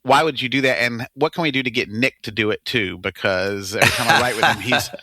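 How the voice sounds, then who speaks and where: A man's voice: mid-range voice, quick pace, pushed and bright, no echo, studio quality. A man co-hosting a podcast, teasing his guests in casual, playful chat. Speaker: podcast co-host.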